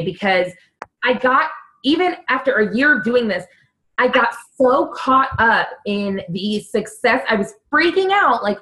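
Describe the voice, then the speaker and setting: Young woman, fitness coach on a team call; fairly high voice, earnest, fast bursts of words. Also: animated, fairly bright tone, low-quality recording.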